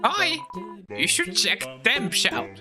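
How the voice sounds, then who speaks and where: A man voicing a tiny, excitable, childlike cat-like shopkeeper creature, squeaky and cheerful, speaking in broken grammar. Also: takes it slowly, music in the background, heavily acted.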